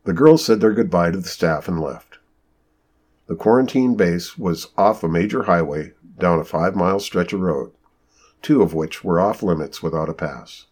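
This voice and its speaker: A man's voice: moderate pace, breathy edge. A man reading a novel aloud as narrator, lifting his voice for the characters' lines. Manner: lively storytelling, raises pitch for quoted characters. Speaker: audiobook narrator. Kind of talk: scripted narration.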